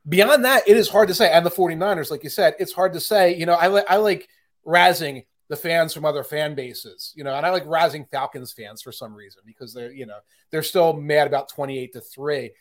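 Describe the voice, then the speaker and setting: A man's voice: fairly high pitch, a little fast. A man talking football on a podcast, chatty and opinionated, with frequent fillers and restarts. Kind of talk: casual sports podcast chat.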